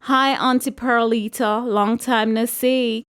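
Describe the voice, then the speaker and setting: A woman's voice: on the high side, fairly even intonation, takes it slowly, fairly bright tone, clean tone, pitched above the performer's own voice. A woman voicing a showy woman who greets people mockingly in a put-on American accent. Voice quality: mocking, preening.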